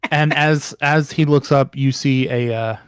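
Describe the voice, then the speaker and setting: A man's voice: mid-range voice, steady tone, unhurried, smooth, dry recording. Rambling male game master, dry mic. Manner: rambling, many ums and restarts. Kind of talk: narrating a tabletop game.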